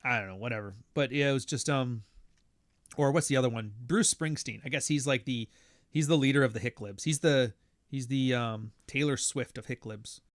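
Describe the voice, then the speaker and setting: Canadian male podcast host, mid-pitched, sardonic and foul-mouthed, ranting in a dead room. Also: moderate pace, dry recording, studio quality. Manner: profane, blunt, sardonic. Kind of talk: casual podcast rant.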